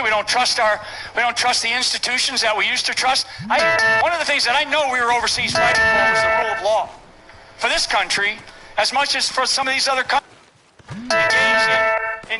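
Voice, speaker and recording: A man's voice: very high voice, bright, forceful tone, rough recording. An older man speaking from a stage at a public event, emphatic and repetitive, often tagging lines with "right?". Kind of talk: rally speech.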